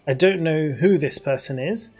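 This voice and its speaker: A man's voice: a little high, moderate pace, a little mellow, breathy edge, soft background music. Man playing a bitter halfling woman mayor, curt and defensive, in a tabletop game. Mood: resentful.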